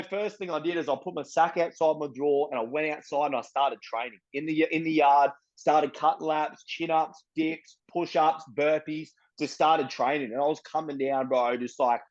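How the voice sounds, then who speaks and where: A young man with a broad Australian accent tells his story in blunt, profane street slang, acting out the voices of everyone involved. His voice sits a little high for a man. The recording sounds slightly muffled and dull. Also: fairly even intonation, moderate pace. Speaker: interviewee. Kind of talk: casual storytelling.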